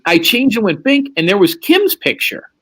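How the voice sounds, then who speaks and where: A man's voice: high-pitched, normal speed. A man hosting a show, telling a profane story casually and acting out the quotes. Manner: profane, animated, acts out quotes. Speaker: host.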